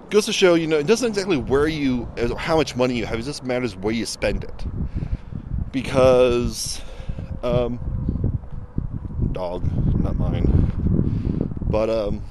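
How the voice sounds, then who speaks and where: A man chats his way through an unscripted review outdoors, circling back and restarting his sentences often. His voice sits at an ordinary middle pitch, and a faint hum of passing traffic runs behind him. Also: lively intonation, unhurried, pauses often. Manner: rambling, many fillers and restarts. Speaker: film reviewer. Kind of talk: casual vlog review. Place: outdoors by a road. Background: passing vehicles.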